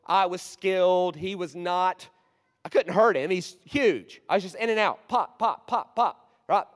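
A man in his forties preaching a storytelling sermon, animated, moving from hushed asides to loud bursts. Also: sits high, unhurried. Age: 40s. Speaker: guest preacher. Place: large church hall. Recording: long hall reverb.

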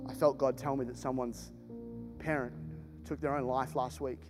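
A man preaching a sermon, telling stories in an animated, joking way. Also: mid-range voice. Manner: animated, jokey storytelling with laughs. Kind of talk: storytelling sermon. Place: church hall. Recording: reverberant hall, faint music.

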